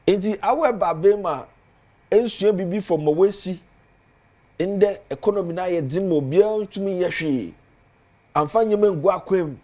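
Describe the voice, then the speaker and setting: A man's voice: high voice, moderate pace, mellow. A man with a Ghanaian accent, a politician guest on a studio talk show, speaking earnestly and building emphasis as he lists points.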